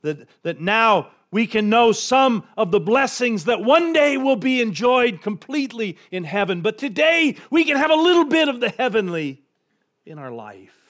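A man preacher giving a reflective sermon, often dropping to a quiet hush and telling a joke story with building intensity. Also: very high-pitched, big pitch swings, normal speed. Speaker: pastor.

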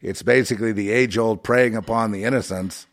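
A man talking as a show host in a rambling monologue, emotional and full of fillers, swinging between loud outbursts and low mutters. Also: fairly even intonation, a little fast. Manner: many fillers and restarts.

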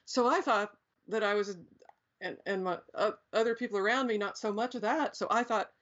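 A woman's voice: mid-range voice, a little fast, fairly bright tone. A middle-aged woman reflecting on her past as an interview guest, rambling with many fillers and restarts. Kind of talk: reflective storytelling. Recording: dull lo-fi sound.

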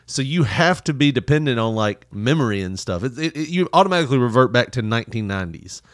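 A man's voice: mid-range voice, expressive, quick pace, no room sound, clean studio sound. A man in casual podcast chat, telling loose rambling travel stories with frequent laughter and swearing.

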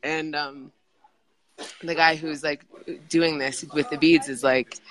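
Podcast guest, woman, bright forward tone, rambling casual storytelling full of "like" and restarts. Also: sits low, steady tone, slow, low-quality recording. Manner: rambling, many fillers and restarts.

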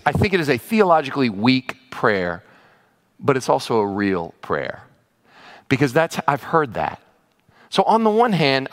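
Animated male pastor preaching a sermon. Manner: animated, swings between high excited asides and low emphatic points. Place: church sanctuary, also streamed online.

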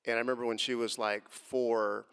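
A middle-aged man giving an earnest answer to a question on faith and race, moving from quiet reflection to impassioned emphasis. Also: medium pitch, little pitch movement, moderate pace, clear, resonant tone. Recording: long hall reverb.

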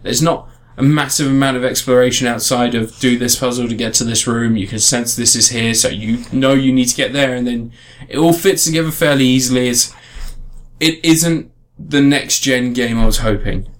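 A man's voice: mid-range voice, moderate pace. A man in casual podcast chat, reviewing a game in a rambling way with frequent restarts. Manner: rambling, restarts often, animated emphasis.

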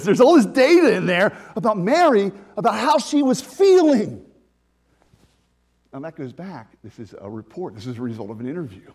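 A man preaching a sermon in an animated, emphatic way, full of restarts, repetition and joking asides. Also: sits high, slightly rough. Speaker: pastor.

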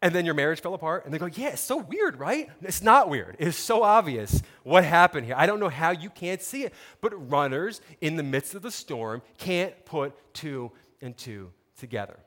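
Animated male preacher in an echoey hall. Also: on the high side, moderate pace, few pauses. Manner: animated storytelling, conversational asides. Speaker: pastor. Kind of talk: sermon.

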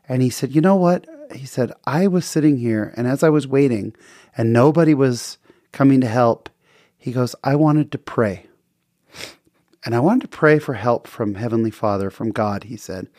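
A man's voice: mid-range voice, a little mellow, dry recording, clean studio sound. A man earnestly telling a personal story in a casual, conversational way, with small restarts. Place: hotel near San Diego, in the story.

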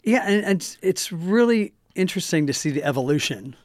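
A man's voice: high voice, expressive, brisk, no echo, studio quality. A man co-hosting a talk show, chatting casually and often restarting his phrases. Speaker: co-host.

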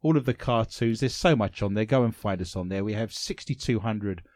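A man's voice: on the low side, a little fast, a little mellow, no echo. A man with an English accent hosting a radio show in a studio, talking playfully and laughing often. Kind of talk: casual radio chat. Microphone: studio microphone.

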